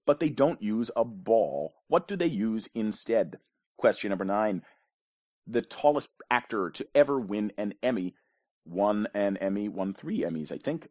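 A man with a lowish voice reads out quiz questions and answers. He keeps it casual and tosses in wry, deadpan jokes between rounds. The sound is dry and close, with no room around it. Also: no room sound. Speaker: pub quiz host. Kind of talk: casual trivia quiz reading.

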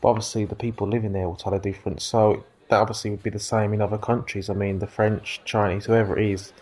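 A man's voice: on the low side, flat delivery, fast talker, a little mellow. A man with a Birmingham accent, explaining his views at length in a casual podcast chat. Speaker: podcast co-host.

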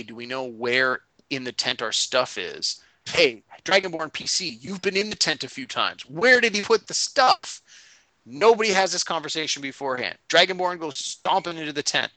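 A man's voice: medium pitch, no echo, low-quality recording. A man, a game master, casually recounting a tabletop session and quoting his players as he goes. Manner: animated retelling, quotes players in quick voices. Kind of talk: casual storytelling recap.

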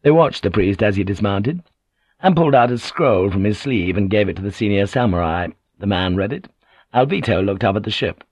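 A man reading a novel aloud as narrator, in steady, even storytelling. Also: fairly low pitch, fairly quick, breathy edge, no room sound. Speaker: audiobook narrator. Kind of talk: scripted narration.

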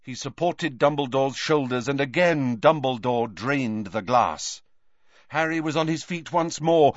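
An audiobook narrator reading scripted narration in a measured, expressive storytelling manner. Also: medium pitch, no echo, lo-fi sound.

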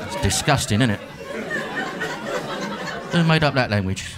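A man's voice: mid-range voice, expressive, unhurried. A middle-aged man doing a stand-up comedy set on a club stage, dry and mock-pompous with sudden bursts of mock outrage. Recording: live gig with clear crowd noise.

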